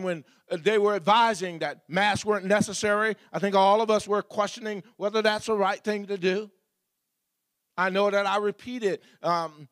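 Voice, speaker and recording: A man's voice: high voice, fairly bright tone, dry recording, studio quality. A man preaching a sermon as pastor, building repeated refrains and asking the congregation questions.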